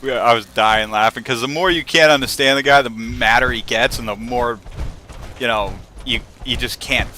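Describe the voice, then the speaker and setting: Bright-voiced man chatting while gaming. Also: medium pitch, normal speed, slight background noise. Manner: rambling, chatty, laughs while telling stories. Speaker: gaming streamer. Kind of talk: casual gameplay commentary.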